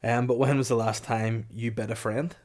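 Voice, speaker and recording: A man's voice: mid-range voice, flat delivery, moderate pace, a little mellow. A man, co-hosting a casual comedy podcast and telling crude stories with frequent laughter. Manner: crude storytelling, laughs often. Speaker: podcast co-host.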